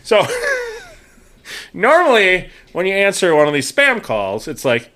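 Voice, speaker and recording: Brief: man in his thirties, bright fairly high voice, lively storyteller, swears a lot. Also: measured pace. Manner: animated storyteller, swears freely, acts out quoted voices. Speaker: podcast co-host. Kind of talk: casual chat.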